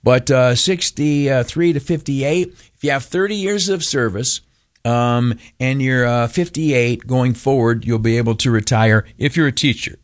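A man's voice: medium pitch, unhurried. A man hosting a talk radio show, telling a rambling, folksy story with lots of fillers and acted-out voices. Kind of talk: casual talk radio monologue.

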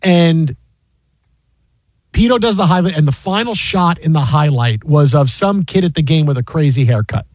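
High-voiced man telling a story on sports radio. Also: moderate pace, no room sound, studio quality. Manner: animated storyteller who acts out quotes and laughs often. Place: radio studio. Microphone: studio microphone.

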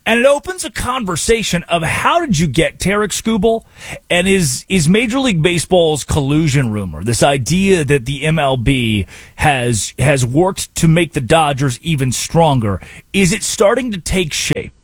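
A man's voice: on the high side, moderate pace, husky, no room sound. A man hosting a sports talk radio show, arguing his points emphatically in a monologue. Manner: emphatic, animated, argumentative.

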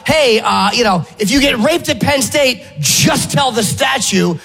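A man's voice: very high-pitched, lively intonation, unhurried, gravelly, a bit bright, husky, faint music behind. A man doing a blunt, sarcastic stand-up routine. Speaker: stand-up comedian.

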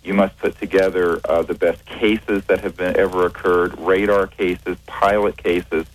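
A man being interviewed on radio as a researcher, speaking in a measured, hesitant way with many fillers and restarts. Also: low-pitched, flat delivery, no echo, low-quality recording. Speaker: guest, researcher.

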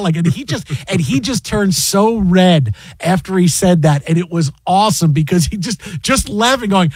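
A man's voice: sits high, expressive, normal speed, hardly any pauses, a little mellow, breathy edge, no echo. A man hosting a sports radio show, rambling through a story with many restarts. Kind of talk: casual sports radio chat. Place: radio studio. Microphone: studio mic.

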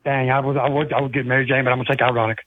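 A man's voice: medium pitch, little pitch movement, racing, dry recording, narrow, tinny audio. A male caller and game contestant cracking jokes on a call-in show. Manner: wisecracking. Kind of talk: joking call-in banter.

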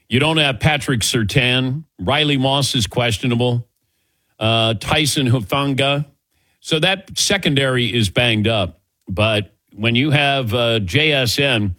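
Animated jokey sports radio host man. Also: mid-range voice, dry recording, studio quality. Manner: jokey, teasing co-hosts. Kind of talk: casual radio chat.

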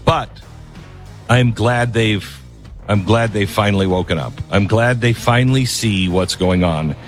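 A man's voice: lowish voice, measured pace, faint music behind. Emphatic male talk radio host. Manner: emphatic, conversational, breaks off to restart sentences. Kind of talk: political talk radio with a live ad read.

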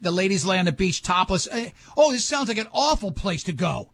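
A man's voice: sits high, sing-song, brisk, fairly bright tone. An older man hosting a radio show, telling rambling, jokey stories in casual banter.

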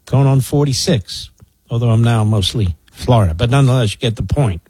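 A man's voice: mid-range voice, a little fast, warm tone, breathy edge, dry recording. A man in his sixties from the Philadelphia area, hosting a political talk radio show in a sarcastic, combative way. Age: 60s.

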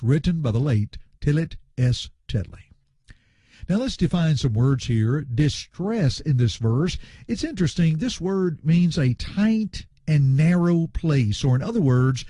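Preacher, man, slow deliberate delivery with a lively, rising-and-falling pitch and mellow tone; earnest Bible teaching. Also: no echo, clean studio sound. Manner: slow, earnest, reads scripture aloud and explains words.

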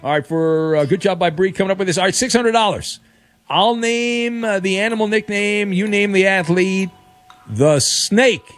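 A man hosts a sports radio show and runs a quiz with callers, joking as he goes. His voice sits fairly high. A faint music bed plays beneath him. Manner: jokey, upbeat, quick asides. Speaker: radio sports talk host. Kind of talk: radio show with call-in game segment.

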